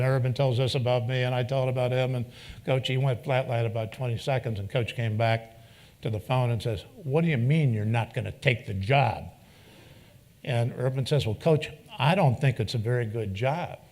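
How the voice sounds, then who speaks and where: A middle-aged man speaks to a live audience in an anecdotal, storytelling way. His voice sits in a middle pitch range. He livens up the quoted dialogue in his tale. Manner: folksy, animated, acts out quoted dialogue. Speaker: keynote speaker. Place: event venue before an audience.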